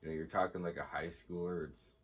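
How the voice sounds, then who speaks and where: Very deep, husky man on a dull lo-fi mic. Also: fairly even intonation, a little fast. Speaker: podcast co-host. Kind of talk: casual chat. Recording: dull lo-fi sound.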